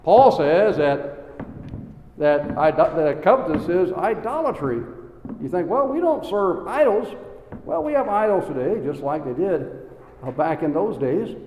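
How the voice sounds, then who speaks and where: A man's voice: fairly high pitch, very animated, a little slow, phone-quality sound, a little hiss or hum. A man preaching a sermon, folksy, acting out the people in his stories with quoted voices. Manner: acts out Bible figures in quoted voices, folksy asides. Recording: echoey hall with long reverb.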